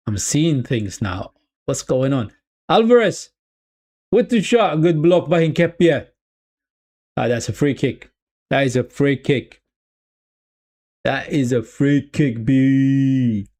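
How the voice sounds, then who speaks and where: Slow and medium-pitched with long pauses, this streamer provides live commentary while watching football along with his audience. He's chatty and repetitive, addresses viewers as "people," and veers from excited to deflated.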